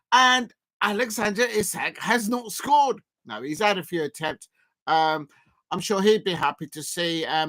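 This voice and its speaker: A live-stream host giving rambling, casual football watchalong commentary, shouting out chat viewers and bursting into excited shouts at chances. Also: medium pitch.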